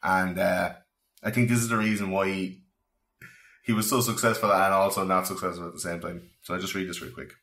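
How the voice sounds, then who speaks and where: Low-voiced profane male storyteller. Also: little pitch movement, fairly quick, a bit bright, reverberant. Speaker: podcast host. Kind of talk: casual podcast chat.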